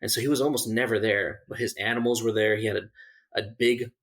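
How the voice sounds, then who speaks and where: On a podcast, a survival instructor with a low-side, steady, fairly bright voice tells a story a little fast. He speaks casually with many fillers and restarts, laughing through the funny moments.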